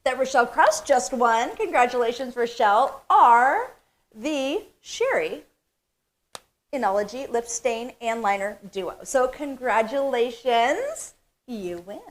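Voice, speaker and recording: A middle-aged woman with a slightly high voice hosts her company's live stream. She talks warmly and emotionally and often breaks into excited gushing. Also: slow pace. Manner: emotional, effusive, with bursts of excitement. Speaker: company CEO hosting a weekly live stream.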